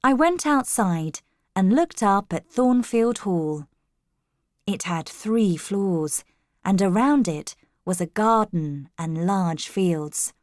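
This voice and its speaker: A woman narrating a first-person story in a calm, measured reading voice. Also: medium pitch, no room sound, studio quality.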